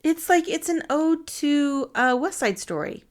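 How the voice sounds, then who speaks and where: A woman's voice: sits high, expressive, a little slow. A woman co-hosting a podcast, giggling often as she reads a film recap from her notes. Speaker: podcast co-host. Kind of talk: casual chat recapping a film.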